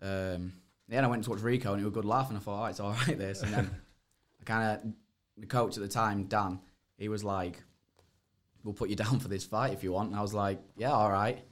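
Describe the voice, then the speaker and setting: A man's voice: fairly low pitch, steady tone, a little fast. A young man, a podcast guest who tells his fight stories in rambling casual chat, laughing and swearing often.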